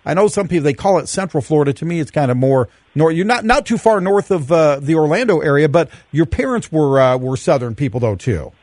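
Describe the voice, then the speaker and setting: A man's voice: on the high side, lively intonation, a little fast, few pauses, darkish tone, no echo. A man hosting a morning radio interview, eager and full of fillers. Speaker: radio host.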